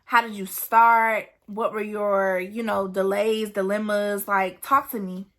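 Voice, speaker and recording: A woman's voice: mid-range voice, flat delivery, a little slow. Young woman vlogger, casual chatty delivery, frequent asides to viewers. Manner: chatty, asides to viewers, scolds her dog. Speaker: vlogger and new business owner. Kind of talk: casual chat to camera.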